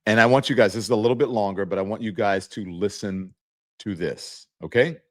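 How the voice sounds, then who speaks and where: A man hosting a political commentary show, mocking the clips he plays and breaking into high, exclaiming bursts. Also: a little fast. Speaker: show host.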